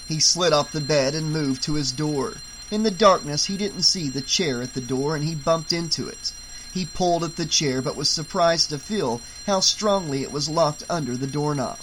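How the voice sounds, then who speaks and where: A man reading an audiobook in a steady, measured way. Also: a little high, noisy background. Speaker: audiobook narrator. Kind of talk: audiobook narration.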